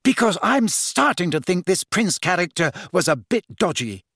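In an audiobook, a man performs a full character voice for a clever, disapproving teenage schoolgirl witch, sounding stern and reproachful. He pitches above his own voice, high and fairly bright with big pitch swings at normal speed. The recording is clean studio sound with no room sound.

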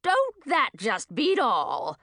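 A woman's voice: sits high, huge pitch swings, slow pace, fairly bright tone, no room sound, studio quality, voice pushed up, exaggerated voice. A woman voicing a cackling old witch, grasping and rude, with a brash drawl.

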